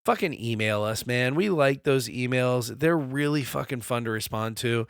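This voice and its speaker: A man's voice: mid-range voice, moderate pace, creaky, smooth, no echo, studio quality. A man in his forties co-hosting a podcast, telling stories in a loose, profane, easygoing way. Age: 40s. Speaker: podcast co-host. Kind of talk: casual chat.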